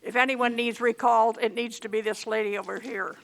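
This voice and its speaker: A woman's voice: on the high side, fairly even intonation, fairly quick. A woman giving public comment at a county meeting, indignant and scolding the board.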